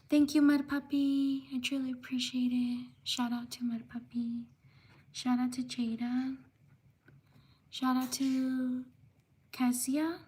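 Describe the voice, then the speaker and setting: Female livestream host, high and flat delivery, unhurried shout-out reading. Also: slightly rough. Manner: slow, steady listing of names with quick apologies. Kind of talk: live stream shout-outs.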